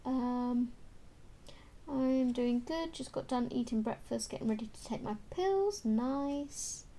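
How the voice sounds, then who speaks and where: A woman hosting a casual colouring livestream, chatting with viewers and reading out their comments, with soft murmured asides to herself as she works. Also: on the high side, takes it slowly. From United Kingdom. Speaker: livestream host.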